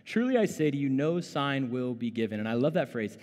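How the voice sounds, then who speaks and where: A man's voice: mid-range voice, lively intonation, moderate pace, hardly any pauses, darkish tone. A man preaching a sermon as pastor, conversational with many fillers, growing more intense when he voices questions. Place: church sanctuary. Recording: long reverb of a church hall.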